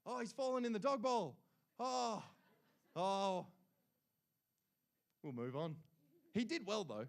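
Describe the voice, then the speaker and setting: A man's voice: high-pitched, expressive, slow, vocal fry, long pauses. A man announcing award winners at a live ceremony, cheering them on and adding chatty asides between names.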